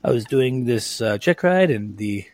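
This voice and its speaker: A man imitating an older male Italian flight examiner with a thick, admittedly poor Italian accent that drifts toward French, telling an animated story. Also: mid-range voice, a little slow, dry recording. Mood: amused. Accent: Italian, exaggerated.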